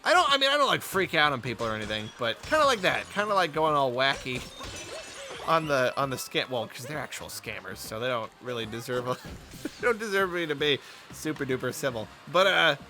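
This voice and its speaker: Bright-voiced man chatting while gaming. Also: medium pitch, big pitch swings, moderate pace, soft background music. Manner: rambling, chatty storytelling. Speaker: gaming video host. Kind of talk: casual commentary while playing a game.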